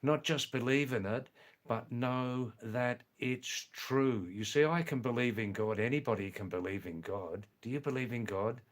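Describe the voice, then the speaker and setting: At a moderate pace and medium pitch, a middle-aged man from Australia hosts a casual livestream and answers his viewers. He's emphatic, says his key phrases more than once, and ums frequently.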